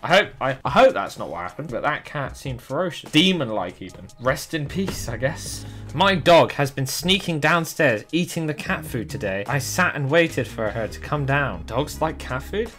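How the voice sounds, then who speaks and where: A young man, giving jokey, excitable commentary while reacting to funny animal videos for his channel. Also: medium pitch, normal speed, faint music behind. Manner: excitable, jokey, talks to the viewer. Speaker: YouTuber reacting to animal clips.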